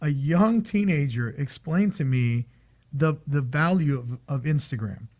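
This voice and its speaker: Animated higher-voiced man chatting. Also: measured pace. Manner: animated, storytelling with many fillers. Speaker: podcast co-host, realtor. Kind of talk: casual chat.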